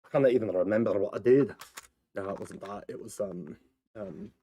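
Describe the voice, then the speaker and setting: Mellow low-voiced man rambling playfully. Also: moderate pace, husky. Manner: rambling, playful, chatty asides to viewers. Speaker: vlogger and actor. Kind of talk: casual solo vlog monologue. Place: at home, indoors.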